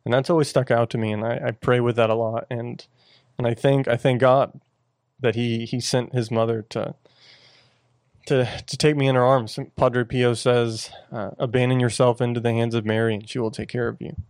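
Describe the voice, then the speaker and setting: An earnest man chatting about his faith on a talk show. His voice sits at an ordinary pitch, and he often stops and restarts mid-sentence. The sound is dry and close, with no room around it. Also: level tone, darkish tone, smooth, dry recording. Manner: earnest, halting with many restarts. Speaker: podcast co-host. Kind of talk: casual faith discussion.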